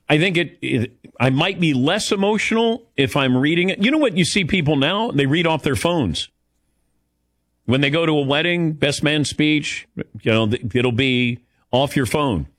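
Animated middle-aged man hosting a call-in show. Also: medium pitch, no echo, studio quality. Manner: self-deprecating, rambling, animated. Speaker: radio show host. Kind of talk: casual call-in chat.

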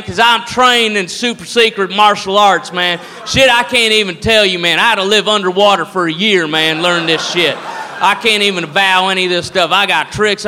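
Comedian doing a drunk, boasting redneck brawler. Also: male voice, high-pitched, sharp tone, long reverb tail, slight background noise. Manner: swaggering, threatening, repeats "man".

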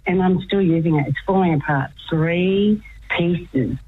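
An older woman telling her story as a radio guest, animated and laughing often. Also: fairly low pitch, slow pace, husky, rough recording. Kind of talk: casual phone-in chat.

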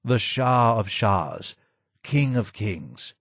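Hoarse, low old man, read by a male narrator; slow, grave, wry; audiobook part. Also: animated, a bit bright, no echo, full character voice. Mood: somber. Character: broken, disfigured older man, hidden former royal advisor.

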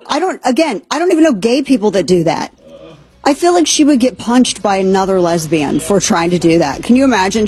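A woman's voice: mid-range voice, lively intonation, brisk, a little mellow, slightly rough. A woman hosting a talk radio show, giving sarcastic, incredulous commentary.

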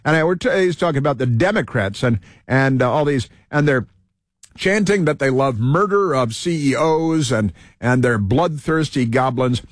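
A man's voice: medium pitch, expressive, moderate pace, no room sound. A male talk show host delivers a rambling opinion monologue. He stops and restarts often and fills the gaps with fillers. The sound is dry and close, with no room around him.

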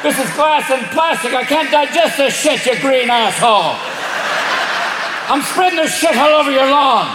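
A man's voice: extremely high pitch, animated, moderate pace, heavy background noise, pitched above the performer's own voice. A man voicing a brash raccoon with an Irish accent, swearing indignantly about recycling. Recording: echoey hall, loud crowd.

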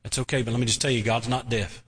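A male pastor preaches with emphatic, drawn-out phrases. His voice is bright and forceful. A long reverb from a large church hall trails behind his words. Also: mid-range voice, little pitch movement. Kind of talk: sermon.

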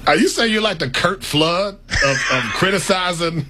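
A man co-hosting sports talk radio, chatty and quick to laugh. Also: high-pitched, background noise. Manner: animated, laughing.

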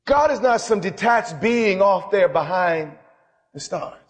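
Male pastor, impassioned sermon, slightly high voice, long reverb. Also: lively intonation, unhurried. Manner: impassioned, building to cries. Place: church hall with audience.

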